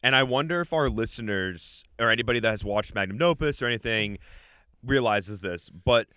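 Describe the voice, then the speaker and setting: A man's voice: mid-range voice, lively intonation, brisk, bright, forceful tone, clear, resonant tone, no room sound, studio quality. A man co-hosting a podcast in casual chat, teasing and playful, needling his partner. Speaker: podcast co-host.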